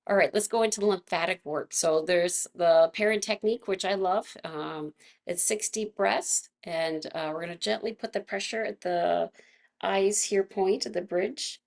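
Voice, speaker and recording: A woman of middle pitch teaches a casual online movement class, her voice gravelly with a touch of fry. She sounds a little froggy from vocal fatigue. She talks in a chatty, gentle way and laughs often. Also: moderate pace.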